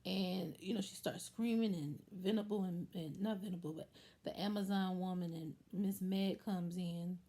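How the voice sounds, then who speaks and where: Mellow-voiced woman recapping a show. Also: medium pitch. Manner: chatty, animated storytelling with quoted asides. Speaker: YouTube show host. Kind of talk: casual episode recap.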